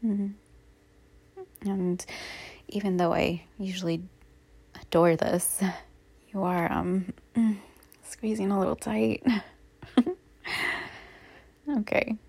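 A woman in a whispered role-play, soft and halting as she apologizes to an upset partner. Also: fairly low pitch, fairly even intonation, gravelly, husky. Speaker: audio role-play performer playing a girlfriend.

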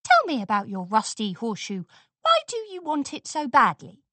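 A woman voicing a brave young filly pony who talks eagerly and earnestly in a raised, bright voice. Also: fairly high pitch, wildly swooping pitch, moderate pace, dry recording, exaggerated voice. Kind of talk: storybook character voice.

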